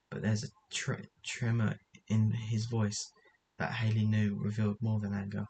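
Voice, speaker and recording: Low, flat-voiced man reading a story. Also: normal speed, hardly any pauses, a little hiss or hum, rough recording. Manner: reads with frequent stumbles and self-corrections. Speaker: narrator.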